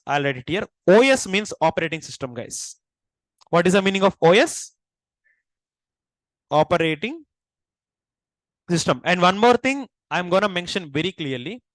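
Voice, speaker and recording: High-pitched, Indian accent, teacher, repeats key points, dry sound. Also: male voice, no echo, low-quality recording. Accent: Indian English. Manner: asks the class questions and repeats key points. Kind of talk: classroom lecture.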